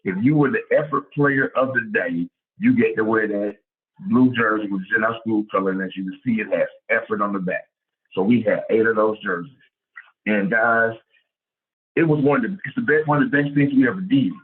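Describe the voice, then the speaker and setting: A man with a lowish voice gives a coaching clinic talk, lively and conversational, repeating phrases as he builds his points. The sound is thin and tinny, like a phone line. He talks like a football coach addressing other coaches. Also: brisk. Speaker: high school football coach.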